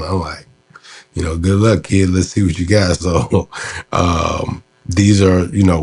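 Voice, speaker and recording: A man's voice: deep voice, a little mellow, breathy edge. A man casually recalling an interview he did, talking loosely with many fillers. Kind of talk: casual storytelling commentary.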